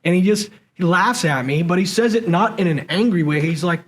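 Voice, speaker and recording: A man with a fairly high speaking voice tells stories from his military leadership days. He is animated and slips into the voices of the people he quotes. The tone is relaxed conversation in a podcast interview. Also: brisk, hardly any pauses, a little hiss or hum, rough recording. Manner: animated storyteller who acts out quoted dialogue. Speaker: podcast guest and former SEAL leader. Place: conference venue.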